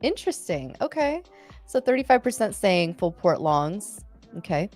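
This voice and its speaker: A woman's voice: mid-range voice, very animated, moderate pace, darkish tone, soft background music. A woman co-hosting a live trading show, chatting casually in a giggly, easygoing way. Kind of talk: casual chat.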